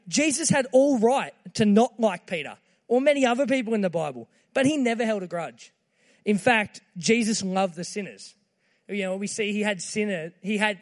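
Earnest high-voiced man preaching. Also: big-room sound. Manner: earnest, retells scripture in casual voices. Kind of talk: short timed sermon.

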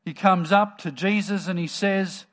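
A man preaching a sermon to his congregation in a relaxed, conversational storytelling manner. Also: high voice, unhurried.

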